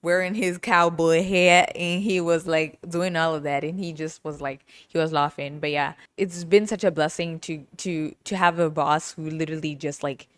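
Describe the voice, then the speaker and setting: A woman's voice: deep voice, steady tone, normal speed, few pauses, no echo. A woman hosting a podcast, telling stories in a casual, chatty way, laughing often and playfully teasing. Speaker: podcast host. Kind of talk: casual storytelling monologue.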